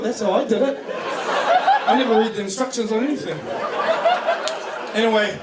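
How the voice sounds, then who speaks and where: A man doing a stand-up set on a comedy club stage, delivering his jokes deadpan into a handheld mic while the audience laughs. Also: high-pitched, normal speed, long pauses, far from the mic, over a noisy crowd, heavy background noise. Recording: echoey club recorded from afar.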